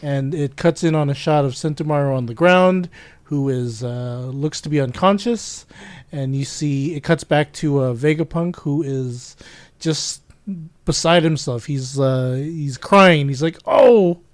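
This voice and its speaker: A man co-hosting a podcast, recapping a comic chapter casually, with many pauses and fillers, acting out the quoted lines. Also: mid-range voice, a little mellow, no room sound. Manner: hesitant, many ums, acts out quoted lines. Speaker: podcast co-host.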